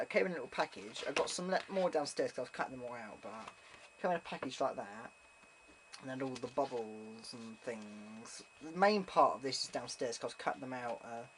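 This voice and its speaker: A man's voice: mid-range voice, slight background noise. A young man telling a rambling, casual vlog story full of ums and restarts. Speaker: vlogger. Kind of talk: casual chat.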